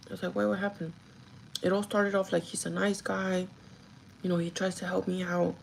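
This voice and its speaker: A woman's voice: fairly low pitch, level tone, moderate pace, vocal fry, slight background noise, low-quality recording. A woman who works as a store manager tells a casual, gossipy story to her livestream chat, full of "like" and the odd swear word. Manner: chatty and gossipy, with frequent "like" and swearing.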